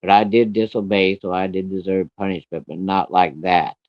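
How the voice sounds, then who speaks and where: Low-voiced man, plain-spoken, blunt storyteller; dry, lo-fi. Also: flat delivery, normal speed, no echo. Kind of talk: personal storytelling. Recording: dry, dull lo-fi recording.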